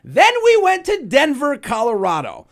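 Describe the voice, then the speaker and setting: Brief: male comedy podcast host, New York accent, higher voice, rambling animated storyteller. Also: normal speed. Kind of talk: casual comedy podcast chat.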